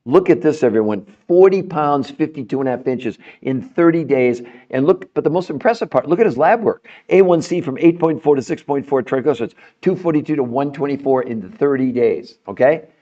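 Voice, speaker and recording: A man's voice: mid-range voice, brisk, few pauses, highs cut off. A middle-aged man hosting a health podcast, talking straight to viewers in an emphatic, persuasive way. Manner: emphatic, rising more animated as he goes. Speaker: podcast host. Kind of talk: promotional health talk to viewers.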